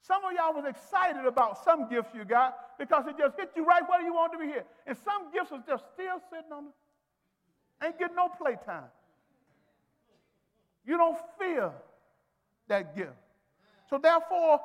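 Preacher guy, really high voice, call and response, big church reverb. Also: lively intonation, measured pace, long pauses, a bit bright. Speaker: pastor. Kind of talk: sermon. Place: church sanctuary. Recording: long hall reverb.

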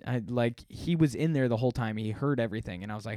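Male storyteller, rambling and profane, clear voice, dry close sound. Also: medium pitch, quick pace, hardly any pauses, warm tone, no echo. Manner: rambling, self-deprecating, profane, many fillers. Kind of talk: casual storytelling.

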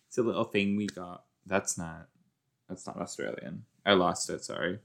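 Man, rewatch podcast host, rambling jokey reactions, lowish voice. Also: normal speed, gravelly. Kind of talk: casual reaction commentary.

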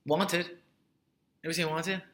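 A man's voice: fairly high pitch, little pitch movement, slow pace, a bit bright. A man co-hosting a podcast in casual chat, rambling with hesitations and blunt opinions. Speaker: podcast co-host.

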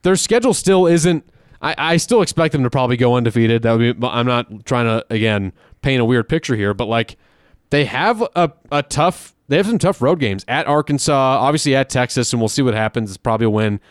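Chatty man with a smooth, dry voice. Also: mid-range voice, animated, fairly quick, dry recording. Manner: conversational, filler-heavy, opinionated. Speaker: podcast co-host. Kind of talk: casual sports chat.

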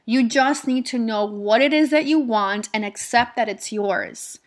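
A woman's voice: fairly high pitch, a little slow. A woman manifestation mentor giving an emphatic motivational talk, swearing casually and repeating her points. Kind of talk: motivational monologue.

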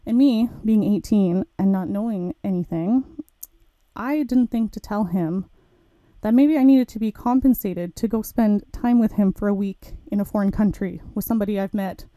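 Frank, mellow-voiced woman podcaster. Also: medium pitch, moderate pace, no room sound. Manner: candid, frank, swears casually. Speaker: podcast host. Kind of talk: candid storytelling.

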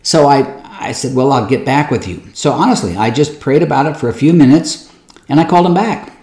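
Male pastor, mid pitch, chatty story-led sermon, reverberant room. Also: fairly quick. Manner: conversational, acts out quoted voices with lively pitch jumps.

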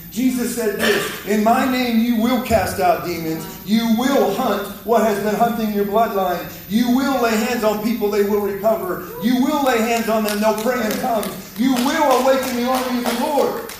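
A man's voice: sits high, normal speed, few pauses. A man preaching a fiery sermon in a church, exhorting the congregation and calling for their response. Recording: echoey hall, mic from far off.

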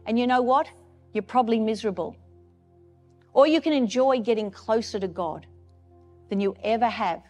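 A woman pastor preaching a sermon in an earnest, emphatic way, repeating key phrases. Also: high voice.

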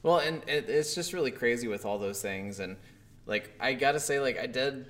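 A man chats casually about a video game, agreeable and quick to back up his co-host. His voice sits at an ordinary middle pitch. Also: a bit bright. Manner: agreeable, often backs the other speaker with short replies. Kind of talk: casual chat.

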